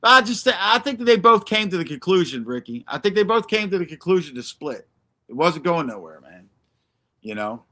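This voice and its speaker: Brash male streamer, bright edgy tone, a bit high, profane and combative while calling out rivals. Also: big pitch swings, normal speed. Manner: brash, profane, confrontational, answers chat by name. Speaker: livestream host. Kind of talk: ranting livestream commentary.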